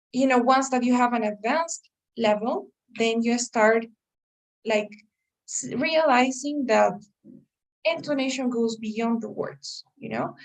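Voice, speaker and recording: A woman teaching an English test-prep class, explaining patiently and checking in with her students often. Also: a little high. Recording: voice a little far from the mic.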